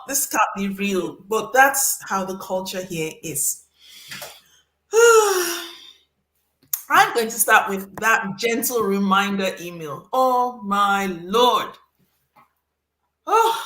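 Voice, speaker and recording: A woman from Nigeria hosting a casual chat, telling stories in an animated, exclamatory way. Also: mid-range voice, echoey room. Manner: animated, exclamatory storytelling with laughs. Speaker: host.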